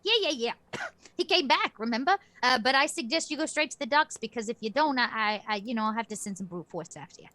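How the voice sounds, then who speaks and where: A woman's voice: a little high, expressive, fast, pushed and bright, no echo. A woman voicing an eccentric elderly cat-lady shopkeeper who sounds sweet but makes veiled threats, in a tabletop game. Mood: sly. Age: older. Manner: chirpy, dotty, veiled menace.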